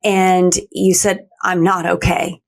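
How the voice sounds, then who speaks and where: Woman podcast host, slightly low voice, sincere conversational recollection. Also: level tone, slow, gravelly. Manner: soft listening murmurs, then earnest recollection.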